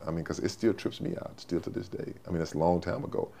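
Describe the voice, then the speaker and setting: Brief: man, 60s, very deep gravelly voice, folksy storyteller. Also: fast, dark tone, slight background noise. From Texas, USA. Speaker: guest, former football player. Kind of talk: storytelling interview.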